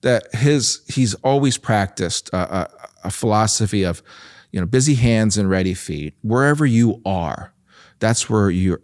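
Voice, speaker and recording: A man in his fifties, a nonprofit leader, telling stories in a relaxed interview with easy laughs and filler words. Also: fairly low pitch, a little slow, no room sound, studio quality. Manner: warm storytelling with frequent laughs and fillers. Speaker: nonprofit president and guest.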